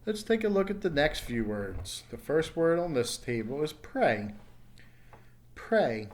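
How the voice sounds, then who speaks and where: A man teaching English pronunciation in a recorded online lesson, slowly repeating each word clearly and patiently. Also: a little high, sing-song. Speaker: ESL teacher.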